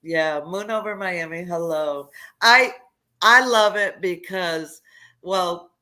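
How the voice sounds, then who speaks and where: A woman guest on a casual live chat, enthusiastic and quick to agree. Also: lowish voice, sharp tone.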